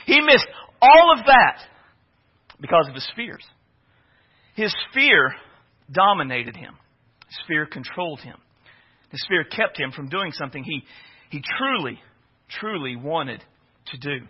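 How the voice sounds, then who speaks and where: A man preaching a sermon, telling a personal story in an animated way and often repeating words. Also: fairly high pitch, a little slow, long pauses, breathy edge. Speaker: pastor. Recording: dull lo-fi recording.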